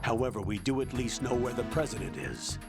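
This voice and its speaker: An actor playing a stern older male colonel on the radio, giving measured, evasive orders in an official tone. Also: medium pitch, creaky, natural voice. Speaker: military commander giving orders. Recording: loud game soundtrack behind. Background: game music.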